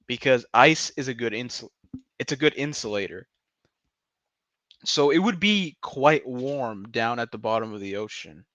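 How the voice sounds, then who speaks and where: A young man riffs loosely and profanely, tripping over words and circling back on himself. His voice sits at an ordinary middle pitch. The sound is dry and a touch muffled. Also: fairly bright tone, no room sound. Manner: rambling, profane, jokey, with frequent stumbles and laughs. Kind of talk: casual rambling chat.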